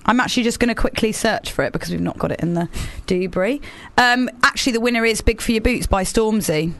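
A woman with a slightly raised pitch co-hosts a radio show in loose on-air banter. She rambles and giggles, and she pokes fun at herself as she goes. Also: fast talker, a bit bright, no echo. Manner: giggly, rambling, self-deprecating.

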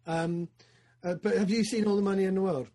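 A man co-hosting a podcast, chatting casually about films, excitable and rambling with lots of fillers. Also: high-pitched, a little fast. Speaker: podcast co-host. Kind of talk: casual film chat.

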